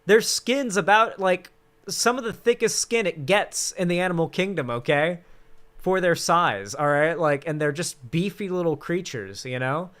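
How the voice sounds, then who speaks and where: A young man on a casual commentary stream who rambles and swears as he rants. His voice runs a bit high, with an animated, loose delivery. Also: normal speed. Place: cramped home setup.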